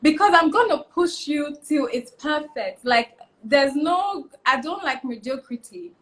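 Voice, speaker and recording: Emphatic young woman, high voice. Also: unhurried. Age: young adult. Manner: emphatic, repeats key points, animated. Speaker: interview guest, fashion stylist. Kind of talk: casual interview, motivational advice.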